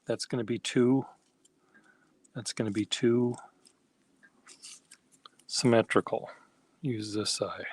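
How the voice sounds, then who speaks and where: Slow, soft-spoken man thinking aloud. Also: fairly low pitch, steady tone, husky. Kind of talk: casual talk while crafting.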